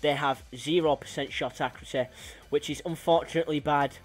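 A man's voice: on the high side, steady tone, a little fast. A young man giving casual, rambling commentary over his own gameplay as a channel host, with plenty of fillers and self-corrections.

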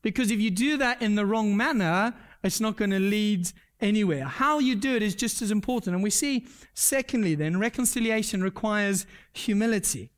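A man's voice: high voice, normal speed, few pauses. A man preaching a sermon. He talks earnestly, repeats his key points, asks the congregation questions and pokes fun at himself. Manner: self-deprecating humor. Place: church service.

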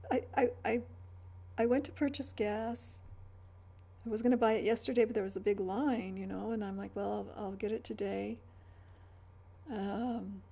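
Gravelly, mellow-voiced woman rambling casually. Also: mid-range voice. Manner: chatty, stammering restarts, trailing asides. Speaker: vlogger.

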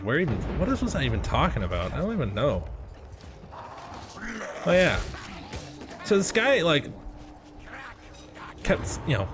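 A man giving gameplay commentary, excitable and rambling, swearing often as he plays. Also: mid-range voice. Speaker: gaming channel host.

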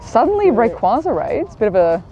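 A young woman, chatting excitedly to camera while walking outdoors in the desert. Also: a little high, normal speed, highs cut off, faint music behind. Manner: chatty, excitable, self-mocking. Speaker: vlogger. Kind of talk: casual vlog chat. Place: outdoors in the desert at a live event.

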